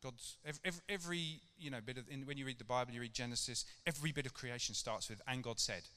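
A middle-aged man gives a relaxed, chatty sermon to his congregation in a church hall, tossing out rhetorical questions as he goes. His voice sits at medium pitch, moving quickly with a sharp edge, and the hall's long reverb trails behind every word.

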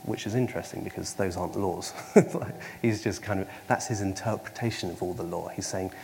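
A man's voice: low voice, a little fast, gravelly, a little mellow. A man preaching a sermon, hesitant, with frequent ums and restarts and wry self-mocking humour. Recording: long hall reverb, faint background noise.

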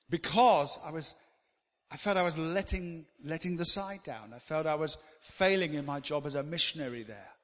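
Man preaching, animated, loud to soft swings, higher voice, long hall reverb. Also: normal speed. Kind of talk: sermon.

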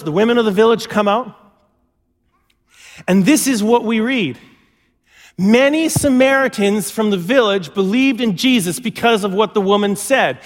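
A male pastor preaching a sermon, telling stories and acting out the lines he quotes. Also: sits high. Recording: long hall reverb.

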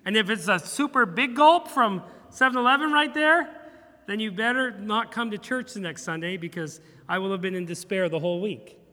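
A middle-aged man, a pastor, preaching a sermon in a church in an animated, humorous way, acting out bits of dialogue. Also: sits high, normal speed, long reverb tail. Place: church sanctuary.

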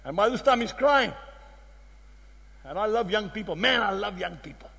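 A South African man preaching a sermon, telling a story with emphatic exclamations that drop to hushed tones. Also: high voice, expressive, moderate pace, creaky, breathy edge. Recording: long hall reverb.

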